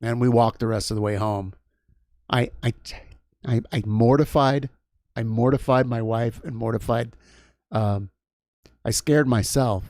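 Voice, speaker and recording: A man's voice: mid-range voice, unhurried, long pauses, a little mellow, no room sound. Guy on a livestream just rambling thru a story, lots of restarts, dry close mic sound. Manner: rambling, frequent restarts and asides. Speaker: livestream host. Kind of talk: casual chat.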